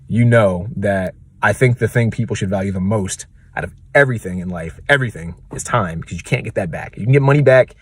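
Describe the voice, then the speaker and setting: A man's voice: lowish voice, husky, no echo, clean studio sound. A young man from the United States ranting casually in a vlog, rambling with lots of fillers. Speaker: real estate advisor vlogger.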